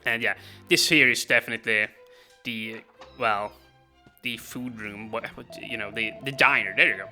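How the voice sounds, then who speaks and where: A man's voice: medium pitch, moderate pace, pushed and bright, soft background music. A man casually commenting on his gameplay as a let's play host, rambling with many fillers and chuckles.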